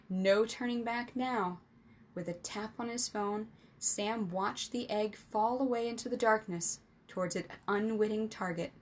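A woman reading an adventure storybook aloud as the storyteller, with lively, expressive narration. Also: mid-range voice, slight background noise.

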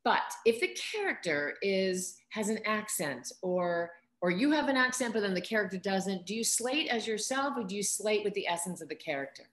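A woman's voice: mid-range voice, big pitch swings, normal speed, few pauses, a bit bright, echoey room. A woman hosting a casual interview, chatty, asking questions and laughing easily. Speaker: interview host and acting coach.

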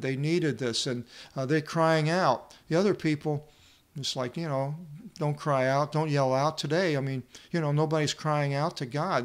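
A man teaching a Bible study lesson, reading Greek aloud and translating it with many pauses and fillers. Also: mid-range voice.

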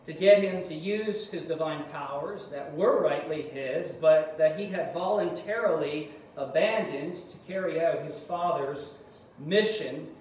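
A man with a fairly high voice preaches in earnest, pushing hard on key words and then dropping almost to a murmur. He is picked up from some distance in a very echoey room. A faint hiss sits under the sound. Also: measured pace. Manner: earnest preaching, swings between loud emphasis and hushed asides. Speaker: pastor. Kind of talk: sermon.

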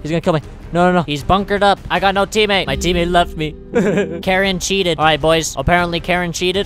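Young-sounding gaming YouTuber, high voice, hyper, trash-talking commentary. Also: male voice. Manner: excitable, trash-talking, slangy, full of "bro". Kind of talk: live gameplay commentary.

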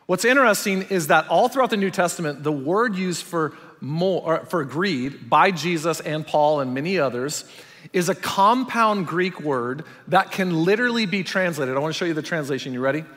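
A man delivers a sermon in a large church auditorium, and his voice sits fairly high. He acts out little quotes, jumping up loud and then dropping to a near hush. The sound rings with the long reverb of a big hall. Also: moderate pace. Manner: animated storytelling, acts out quotes with big swings from loud to hushed. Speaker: pastor.

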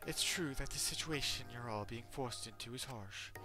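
A man doing a mock British accent as an earnest young male headmaster, speaking slowly and pleadingly. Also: mid-range voice, over music, voice pushed up, lightly acted. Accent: attempted British.

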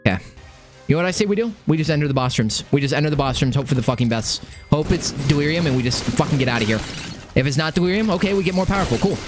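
A young man streaming a video game, swearing, repeating himself and swinging from high yelps to low mutters. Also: animated, rapid-fire. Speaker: gaming streamer. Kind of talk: live gameplay commentary. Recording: game music behind.

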